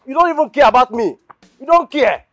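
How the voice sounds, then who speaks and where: A man's voice: very high-pitched, brisk, dry recording. An actor with a Nigerian accent playing an impatient young man desperate to travel abroad, pleading and stammering. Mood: complaining. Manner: excitable, pleading, stammering repetitions. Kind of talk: film drama acting.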